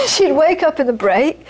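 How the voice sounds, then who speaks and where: A woman teaching a Buddhist talk to an audience, telling stories with laughter and repeated phrases. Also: high-pitched. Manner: warm storytelling with laughter and repetition.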